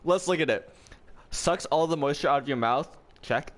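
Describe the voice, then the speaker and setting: A man co-hosting a casual podcast while playing a video game, excitable and laughing a lot. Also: on the high side, moderate pace, a little hiss or hum. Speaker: podcast co-host. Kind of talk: casual chat while gaming.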